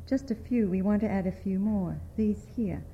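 A woman reading aloud, voicing a sly young hop picker who makes mock-polite, fast-talking excuses. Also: mid-range voice, dull audio, a little hiss or hum, close to an everyday voice.

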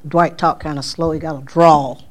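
A woman, telling a testimony in church, her voice climbing high when she quotes herself. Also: moderate pace. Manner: animated storytelling, voice climbing high for quoted exclamations. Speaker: speaker giving a testimony at church. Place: church sanctuary.

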